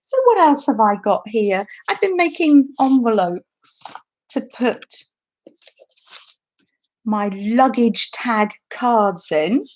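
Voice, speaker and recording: A woman hosts a craft livestream, chatting with viewers and often restarting her sentences between giggles. Her voice sits fairly high and moves animatedly, at an unhurried pace. The audio is dull and lo-fi. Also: lively intonation. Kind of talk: casual craft demonstration to live chat.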